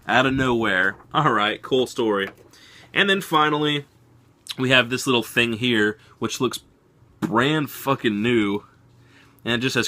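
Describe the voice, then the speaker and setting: A man's voice: on the low side, normal speed, sharp tone. A man casually showing off his retro game collection on video, with wry, joking asides.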